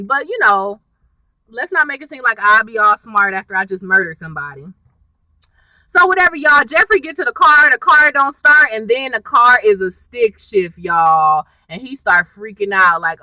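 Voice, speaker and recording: A young woman chatting casually as she recaps a TV episode, full of slang, who acts out the characters' lines in quick exaggerated voices. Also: a little high, dry recording, far from the mic, rough recording. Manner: chatty and animated, lots of slang and y'all. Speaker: TV recap vlogger.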